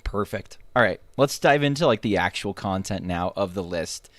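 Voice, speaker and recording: A man's voice: sits low, animated, moderate pace, fairly bright tone, dry recording. A male streamer hosting a game guide in casual banter, blunt and joking with a profane streak and frequent restarts. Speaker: streamer and host.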